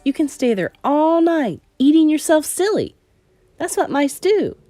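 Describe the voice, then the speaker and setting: A woman voicing a calm, sensible young boy turned into a mouse, speaking in a patient, matter-of-fact, gently teasing way. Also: sits high, unhurried, no echo, faint music behind, pitched above the performer's own voice. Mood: calm persuading.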